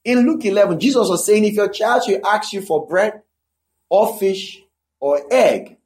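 A man's voice: high-pitched, unhurried, a little mellow. A man preaching a sermon, emphatic and conversational, repeating key phrases and checking in with his listeners.

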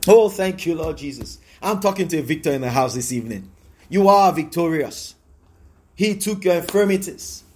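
A man with a notably high voice preaches a sermon to his congregation. He hammers his points home by repeating them, and his voice climbs into bursts of exclamation. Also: animated, a little fast, a little mellow. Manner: emphatic, repetitive preaching with rising exclamations. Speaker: pastor.

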